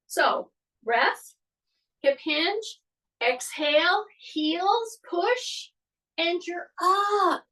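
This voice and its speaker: A woman's voice: high voice, a bit bright, far from the mic, poor audio. A woman fitness instructor leading an exercise class, giving step-by-step cues and often checking in with "okay?".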